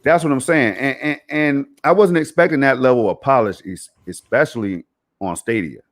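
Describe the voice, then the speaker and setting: A man's voice: medium pitch, moderate pace. A man hosting a casual gaming podcast, talking in a laid-back, slangy way and dropping "man" and "bro" into most sentences. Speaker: podcast host.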